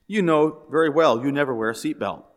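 A man's voice: a little high, brisk, natural voice. Sweet wife in a joke, told by a man. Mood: sweetly tattling. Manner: sweet, calm correcting. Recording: echoey hall.

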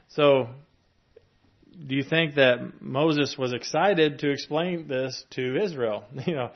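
A man delivering a sermon in a loose, conversational way, moving between scripture readings and casual asides. His voice sits at a middle pitch, and the recording sounds a little dull. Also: takes it slowly. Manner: conversational preaching, with chuckles and fillers. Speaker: pastor.

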